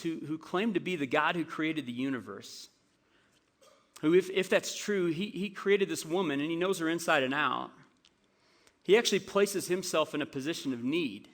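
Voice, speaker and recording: A man preaching a sermon as pastor, telling a story in an animated way with frequent stammered restarts, in a church. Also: on the high side. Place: church sanctuary.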